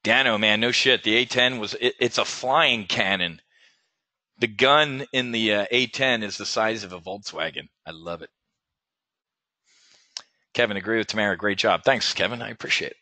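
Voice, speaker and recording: A man's voice: lowish voice, normal speed, sharp tone, no room sound. A man hosting a casual live webinar as an options trading coach, stammering and repeating words, blunt and salty, with pilot slang.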